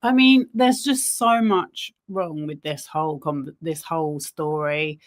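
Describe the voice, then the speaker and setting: Woman streamer chatting to her viewers, slow and low, kind of critical. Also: noisy background. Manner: unhurried, critical asides to viewers. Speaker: live stream host. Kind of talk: casual commentary on a research stream.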